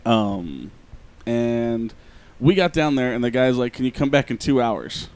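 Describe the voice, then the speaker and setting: A man's voice: medium pitch, expressive, unhurried, a little mellow. Sarcastic joking male podcast host. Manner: sarcastic, joking, swears freely; rattles off sponsor plugs. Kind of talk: casual podcast banter.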